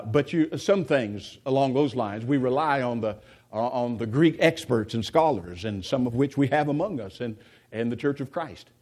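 A man preaching a sermon in a conversational way, often putting questions to the congregation and restarting his sentences. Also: medium pitch. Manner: many restarts and repeated words.

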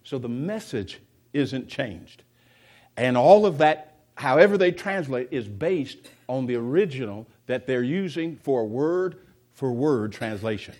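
A man's voice: medium pitch, expressive, a little slow, a little mellow. A man preaching a sermon in a conversational way, often putting questions to the congregation and restarting his sentences. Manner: many restarts and repeated words.

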